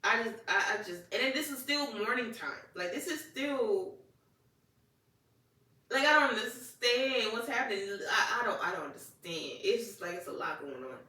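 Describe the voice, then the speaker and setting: A woman casually recapping anime episodes in a chatty, animated way, acting out the characters and exclaiming "child.". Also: fairly high pitch, moderate pace. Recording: echoey room, distant mic.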